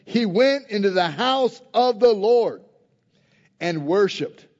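A man preaching a sermon in a casual, conversational way, swinging from loud emphasis to quiet intensity. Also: high voice, expressive, slow pace, lo-fi sound. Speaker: pastor.

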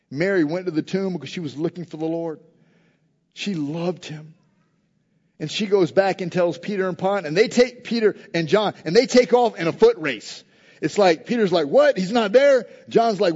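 A male pastor preaching a sermon, telling the story in a lively, humorous way and acting out the people in it. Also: fairly high pitch. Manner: animated storytelling, acting out quoted lines with humor. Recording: echoey hall, dull lo-fi sound.

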